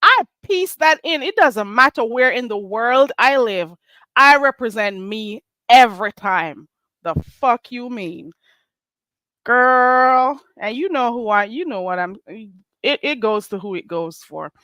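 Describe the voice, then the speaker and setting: A woman's voice: a little high, lively intonation, a little slow, bright, forceful tone, no echo. A woman from Jamaica with a Jamaican accent, chatting casually and animatedly as host of a live stream, greeting viewers and laughing. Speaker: livestream host.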